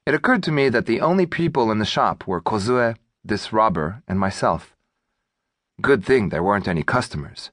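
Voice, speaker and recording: A man narrating an audiobook in a wry, expressive storytelling manner on a studio mic. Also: on the low side, moderate pace, no echo.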